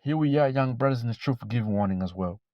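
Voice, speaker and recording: A man preaching informally to camera, blunt and profane, repeating himself and reading scripture slowly. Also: mid-range voice, no room sound, lo-fi sound. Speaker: religious teacher.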